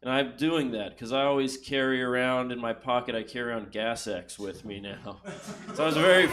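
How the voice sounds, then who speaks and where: A man's voice: medium pitch, fairly bright tone, slight background noise. A male comedian doing a stand-up set on a theater stage, with a laid-back, chuckling delivery.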